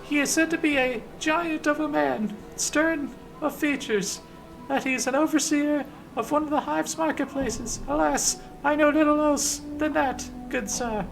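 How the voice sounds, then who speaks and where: A man voicing an effeminate, heavy-set male messenger who speaks in a high falsetto with flowery, overly polite phrasing. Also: measured pace, creaky, faint music behind, heavily acted, rough recording. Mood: fawning.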